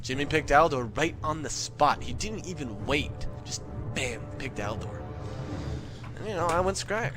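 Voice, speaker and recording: A young man telling a comic gaming story as a rant, jumping into loud quoted voices. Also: on the high side, unhurried, music in the background. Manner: animated, swings into shouted quoted voices. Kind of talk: comedic gamer rant.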